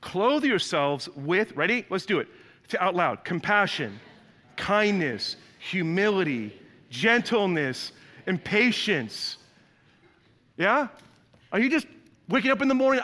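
A man's voice: high voice, very animated, slow, long pauses, sharp tone, in a large hall. A man preaching a sermon in a large church, telling stories and acting out the people he quotes in playful voices. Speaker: pastor.

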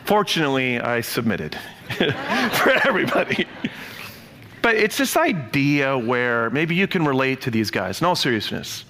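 A man preaching a sermon, lively and playful, acting out the voices in his stories. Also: medium pitch, a little slow, a little hiss or hum. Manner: animated, playful, acts out quotes. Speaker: pastor. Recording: long hall reverb.

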